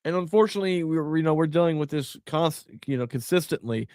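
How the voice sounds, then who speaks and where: Middle-aged male podcast host, blunt and profane, heated delivery, slightly high voice. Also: expressive, quick pace, a little mellow, no room sound, studio quality. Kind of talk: casual podcast commentary.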